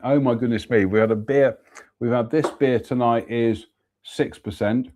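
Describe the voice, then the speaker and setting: A man's voice: medium pitch, fairly even intonation, normal speed, a little mellow. A man, chatting casually as host about a walk and a beer, then reading out a ghost story. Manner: chatty, exclamatory, reads labels aloud.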